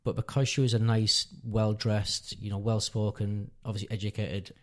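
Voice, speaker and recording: A man in his thirties, guesting on a podcast, tells a long personal story about being a father in casual conversation. His fairly low voice stays level at a moderate pace as he rambles, corrects himself, and speaks earnestly.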